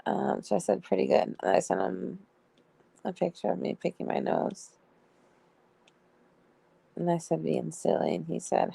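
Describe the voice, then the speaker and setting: A young woman tells a live-stream audience about a text chat, reading both sides aloud and breaking into giggles. Her voice sits low and crackly with a mellow, darkish tone. The sound is dry and close. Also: very animated, a little slow, creaky, long pauses, breathy edge. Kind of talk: casual live-stream storytelling.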